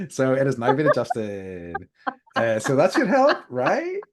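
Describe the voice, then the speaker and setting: A man's voice: medium pitch, huge pitch swings, slow pace. A man co-hosting a podcast in casual chat, rambling along with fillers and restarts. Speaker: podcast co-host. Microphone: desk microphone.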